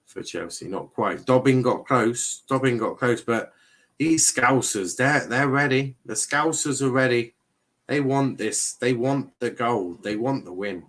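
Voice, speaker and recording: A man's voice: mid-range voice, fairly bright tone, low-quality recording. A young man from England doing a casual live football watchalong, bantering with chat in mock outrage and often restarting his sentences. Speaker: watchalong streamer.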